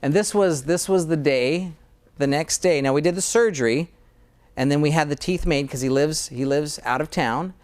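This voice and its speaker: A man's voice: fairly high pitch, moderate pace. A dentist in conversation, speaking earnestly and often repeating words as he starts a thought. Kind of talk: conversational interview.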